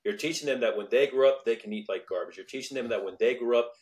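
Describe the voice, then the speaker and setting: A man's voice: medium pitch, quick pace, darkish tone. A man in his thirties hosting a podcast, speaking earnestly and motivationally, repeating points for emphasis. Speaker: podcast host. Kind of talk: casual podcast conversation.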